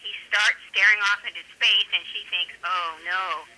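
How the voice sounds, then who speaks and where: A woman's voice: mid-range voice, steady tone, normal speed, pushed and bright, low-quality recording. A woman calling in to a radio talk show over the phone, chatting and telling stories as she gives advice and asks rhetorical questions. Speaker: radio guest.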